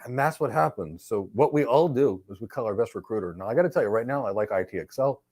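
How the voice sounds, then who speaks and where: A middle-aged man hosts a live career Q&A and tells a story with plenty of emphasis. His pitch sits in a middle range and moves up and down a lot as he drives each point home. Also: fast talker. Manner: emphatic, animated storyteller who acts out exchanges. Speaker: host and cloud career trainer.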